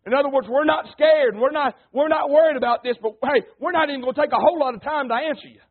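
A man's voice: extremely high pitch, fast talker. A man preaching a folksy, emphatic sermon and calling on the congregation. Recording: tinny phone-like sound.

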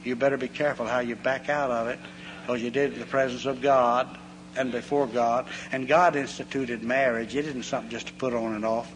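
A man's voice: medium pitch, fairly quick. A man preaching a folksy sermon, telling homespun stories and acting out the voices in them. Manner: homespun, animated, acts out voices in anecdotes. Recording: long hall reverb, faint hum.

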